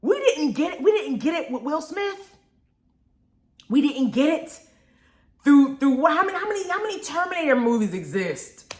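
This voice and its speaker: Young woman, radio host, lively pitch, echoey room, laughs a lot. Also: normal speed. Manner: animated, laughs often, repeats words. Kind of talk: casual live radio talk. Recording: roomy echo.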